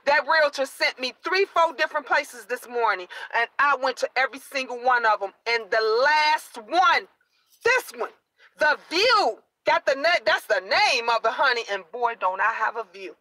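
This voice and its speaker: Bright-voiced woman live-streaming. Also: sits high, normal speed, rough recording. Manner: excited and preachy, encouraging viewers. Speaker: vlogger.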